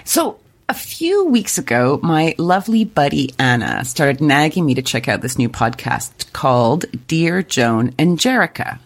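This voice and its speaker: A woman's voice: low voice, very animated, measured pace, faint music behind. A woman co-hosting a podcast, chatting casually and telling a story in a bubbly way. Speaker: podcast co-host. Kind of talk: casual chat.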